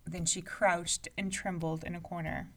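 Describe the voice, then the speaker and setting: A woman narrating a storybook aloud in an expressive, measured way. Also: fairly low pitch, vocal fry, distant mic.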